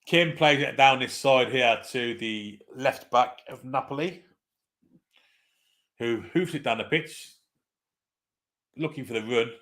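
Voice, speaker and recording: Male host, casual live match calling, wry and chatty, mid-pitched voice. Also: slow pace, pauses often, fairly bright tone. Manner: laid-back, chatty, wry. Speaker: watchalong host. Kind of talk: casual live match commentary, reading chat.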